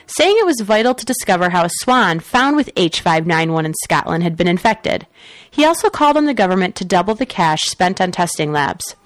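A woman's voice: mid-range voice, no room sound. A woman co-hosting a talk radio show, reading news stories with sarcastic, opinionated asides and a cackling laugh.

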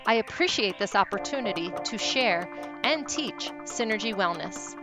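A woman's voice: medium pitch, animated, normal speed, over music. A woman hosting a wellness talk, telling a candid, self-deprecating personal story. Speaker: wellness teacher and host.

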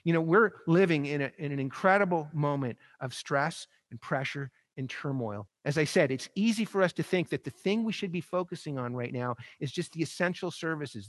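Man preaching with rising, emphatic peaks. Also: dry recording. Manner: rising to emphatic peaks, then dropping soft and low; repeats phrases for rhetorical effect. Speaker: pastor. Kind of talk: sermon.

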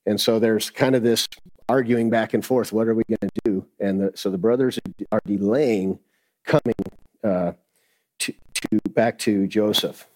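A man's voice: on the low side, steady tone, normal speed, a little mellow, low-quality recording. A man giving a conversational sermon as a Bible teacher, reading scripture aloud and then explaining it in loose everyday talk.

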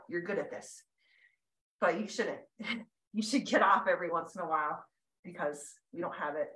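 Podcast host lady, bright tense voice, kinda teary, rambly, echoey room. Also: on the low side. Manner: rambling, emotional, laughs often. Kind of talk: casual chat.

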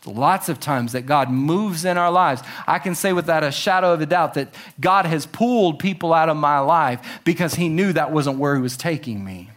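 A man preaching a sermon, animated, acting out quotes with exclamations and dropping to slow, soft emphasis on key lines. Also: on the high side. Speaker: pastor.

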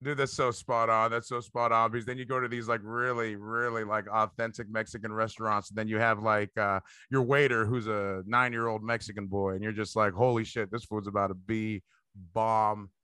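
A man, a stand-up comedian, chatting casually on a podcast, rambling and profane as he tells animated stories. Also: fairly low pitch, brisk, few pauses, clean tone, no echo.

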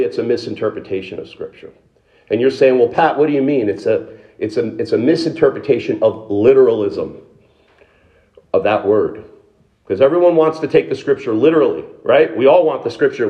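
A man's voice: medium pitch, highs cut off. A man in the role of a pastor, delivering a sermon in an emphatic, conversational way, with rhetorical questions and frequent restarts.

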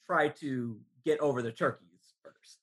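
Slow laid back gm narrating a tabletop game, husky voice, lots of uhs. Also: mid-range voice. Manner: relaxed narration with many fillers. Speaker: game master.

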